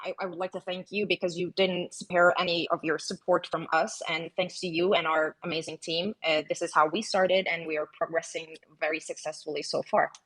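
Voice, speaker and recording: A woman answering questions as an interview guest, hesitant and pausing often with "uh" and "um". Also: on the low side, little pitch movement, a bit bright, slightly rough, poor audio. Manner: hesitant, with frequent "uh" and "um" and restarts. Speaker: guest, project team member.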